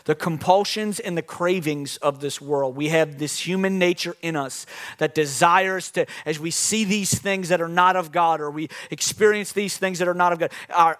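A young man preaching a sermon, telling stories in an animated way and breaking into sudden loud outbursts. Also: high-pitched. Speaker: pastor.

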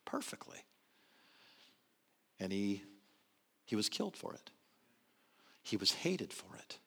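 Animated preaching man, lively pitch. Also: slow, creaky, husky. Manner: animated preaching, swinging from loud emphasis to quiet asides. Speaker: pastor. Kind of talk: sermon.

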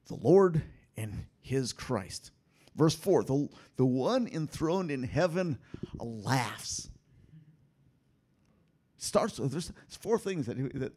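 Man, preacher, sermon, lively rising and falling pitch, husky voice, loud emphasis and hushed asides. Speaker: pastor.

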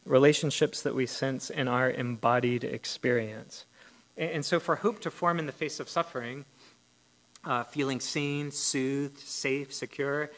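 A man's voice: mid-range voice, a little slow, a bit bright, poor audio. Pastor guy preaching, chatty and reflective, keeps asking the congregation stuff. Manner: conversational, reflective, asks the congregation questions. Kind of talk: sermon.

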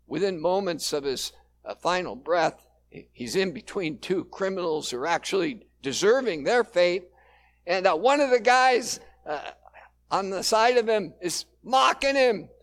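A male pastor preaching a sermon in a relaxed, conversational storytelling way, with frequent fillers. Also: sits high, measured pace.

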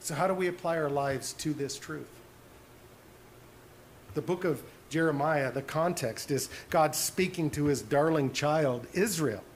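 A man's voice: fairly high pitch, measured pace, a little hiss or hum. Earnest man preaching a sermon. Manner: earnest, drops to soft hushed tones on tender points. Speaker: pastor.

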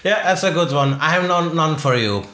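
A man co-hosting a podcast in casual chat, talking in a halting, musing way with lots of filler sounds. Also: fairly high pitch, lively intonation, bright, forceful tone. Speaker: podcast co-host. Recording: roomy echo.

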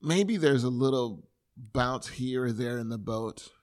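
Slow-speaking male preacher. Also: medium pitch, darkish tone. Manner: earnest storytelling, acts out scenes. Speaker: pastor. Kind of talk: sermon.

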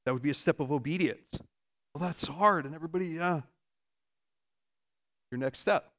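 Animated male pastor preaching a sermon. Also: fairly high pitch. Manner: conversational, animated storytelling with quick shifts in loudness.

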